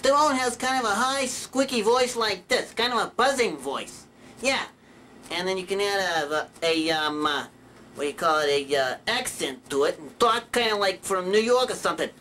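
A man putting on a tense, buzzy, squeaky puppet voice. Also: normal speed, sharp tone, slight background noise. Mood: chatty.

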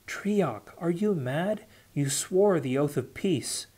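A man's voice: medium pitch, slow pace. A man voicing a stern, commanding woman elder in an audiobook reading. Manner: sharp, commanding.

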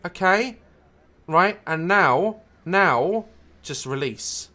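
A man commentating his own gameplay, frustrated, swearing, and breaking into high shouts. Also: lively intonation, extremely slow. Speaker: gameplay video maker.

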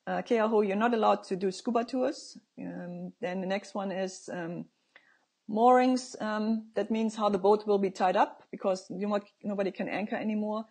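A woman advocating for marine conservation, explaining proposed rules to viewers in a halting, informal way with frequent filler sounds and plain personal opinions. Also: medium pitch, steady tone, creaky, darkish tone.

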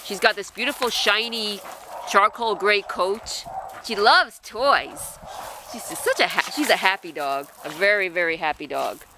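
A woman with a medium-pitched, animated and slightly slow voice presents an adoptable dog to the camera in a casual show-and-tell. She gushes, laughs often and slips into baby talk to coo at the dog. Background noise can be heard.

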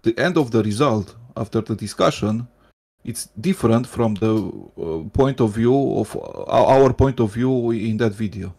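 A man from Europe arguing in a voice-chat debate, frustrated and halting, often restarting his words. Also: on the low side, animated, dark tone. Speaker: debate participant.

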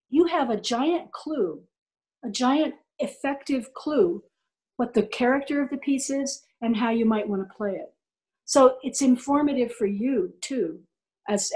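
A woman teaching an online violin class from home over a video call, animated and demonstrative, often checking in with her students. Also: fairly high pitch, low-quality recording. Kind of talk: online music class lecture.

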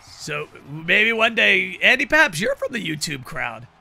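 A man with a high, gravelly voice calls a wrestling video game match for his live-stream chat, sharp and bright in tone. He is playful and hams up announcer-style intros, with faint music running underneath. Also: very animated, slow pace. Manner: playful, ring-announcer flourishes, talks to chat. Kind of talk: casual live-stream commentary.

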